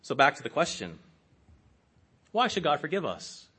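A man's voice: fairly high pitch, big pitch swings, moderate pace, pushed and bright, husky. A man preaching a sermon in an earnest, rhetorical way, calling his listeners saints.

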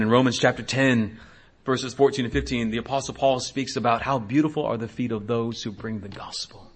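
A man in his thirties, a pastor preaching a sermon, swinging between hushed asides and loud exhortation. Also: mid-range voice.

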